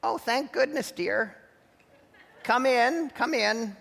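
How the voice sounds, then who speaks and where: A kindly old grandmother frets and fusses in a high voice, as a man puts her on. It is a storybook voice with a long reverb behind it. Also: slow, vocal fry, a bit bright, exaggerated voice. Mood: relieved worry. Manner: fussing and fretful.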